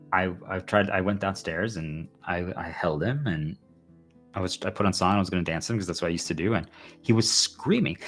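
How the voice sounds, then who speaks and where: A man livestreaming a rambling, intense personal monologue, full of repeated fillers. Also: low voice. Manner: intense, repetitive, heavy use of "like".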